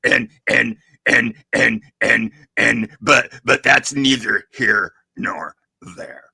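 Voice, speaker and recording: A man's voice: mid-range voice, slow pace, vocal fry, bright, forceful tone, slightly rough, no room sound. A man stammering and grumbling through a comedic rant as a show regular. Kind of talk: comedic group reading.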